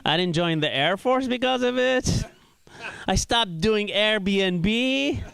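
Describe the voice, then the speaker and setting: A middle-aged man from Iraq, performing a stand-up set with deadpan delivery and quick voices for the people he quotes. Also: high-pitched, gravelly, clean tone. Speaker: stand-up comedian. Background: audience laughter.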